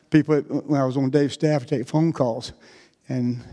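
A man's voice: medium pitch, slow. A man in his sixties with a North Carolina accent, preaching a folksy, chatty sermon. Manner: relaxed, chatty, laughs often. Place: church hall. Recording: echoey church hall.

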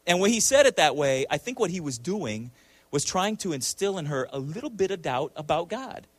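A man's voice: high voice, lively intonation, a little fast, a bit bright, no echo. A male preacher delivering a sermon emphatically, with frequent rhetorical questions and repeated words.

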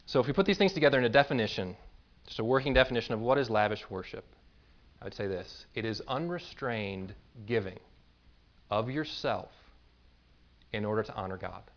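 Preaching emphatically, a male pastor with a fairly low pitch builds lists of words up to a peak and adds self-deprecating humor. He's expressive and brisk yet leaves long pauses, and the sound is lo-fi.

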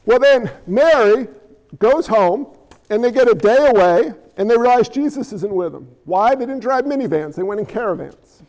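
A man preaching a sermon as pastor in an animated, conversational way with jokey asides. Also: very high-pitched, moderate pace, long reverb tail, muffled recording.

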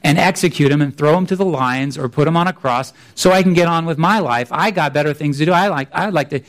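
A man's voice: fairly high pitch, quick pace, natural voice. A man putting on a grumbling Roman soldier. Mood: exasperated. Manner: complaining, exasperated.

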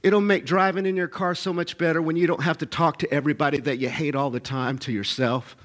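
Male pastor, middle-aged, high tenor, preaching with punchy repetition and call-outs to the crowd. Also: fairly even intonation, brisk, fairly bright tone. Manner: emphatic, repetitive, calls for audience responses. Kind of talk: sermon.

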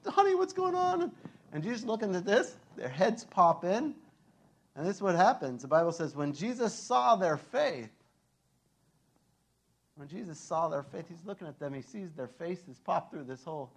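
Pastor, male, lively and chatty, slightly high-pitched, lots of filler words. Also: normal speed, gravelly, husky. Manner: animated, conversational, with many fillers. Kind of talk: sermon.

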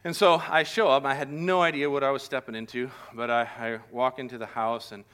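A man preaching a sermon as pastor, telling a personal story and shifting into quiet, intimate tones. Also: mid-range voice, flat delivery, fairly quick.

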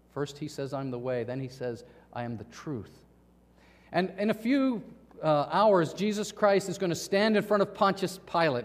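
A male pastor preaching a sermon, emphatic, with dramatic pauses and acted-out quotations. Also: high voice, long reverb tail.

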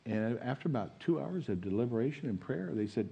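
A man's voice: mid-range voice, brisk, gravelly, dark tone, husky, muffled recording. A middle-aged man, an interim pastor, giving an informal, chatty sermon full of fillers and storytelling. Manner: folksy and chatty, many fillers, chuckles at own stories.

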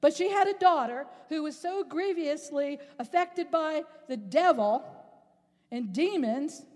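A woman preaching a sermon in an animated, rhetorical way, at times rising to a shout. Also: sits high, a little slow. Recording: long reverb in a large hall.

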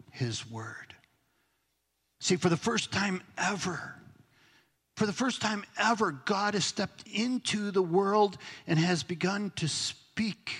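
A man preaches a sermon from the pulpit, his voice a touch high and husky. He presses his points hard, then sinks to a near-whisper for effect. A long hall reverb rings behind every phrase. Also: fairly bright tone. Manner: emphatic, drops to near-whisper for stress. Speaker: pastor. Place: church sanctuary.

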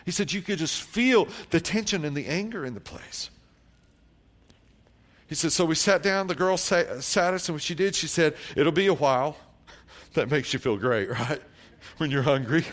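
A pastor preaches a sermon, relating a story from his congregation and quoting its members. He shifts from quiet, low reflection to loud, drawn-out, emphatic declarations.

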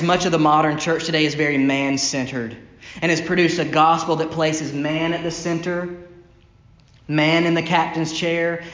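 A male pastor preaching a sermon from the pulpit, pressing points with repeated phrases and dropping low and slow on key lines. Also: a bit bright, reverberant. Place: church sanctuary, from the pulpit.

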